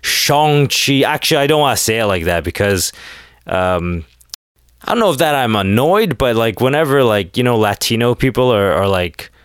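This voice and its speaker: A man with a low, fairly deep voice talks solo in a loose, rambling rant full of "like" and sarcastic asides. He sounds a little tired, as it is late at night. The sound is dry and close, with no room echo. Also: expressive, normal speed, clear, resonant tone. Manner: rambling and sarcastic, heavy use of "like". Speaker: podcast host.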